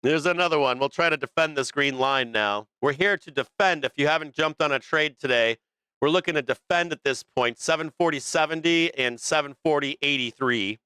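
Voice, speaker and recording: Brash swearing guy calling trades on a live stream, bright forceful voice, bit high. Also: brisk, clear, resonant tone, no room sound. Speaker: stock market livestream host. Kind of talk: profane live trading commentary.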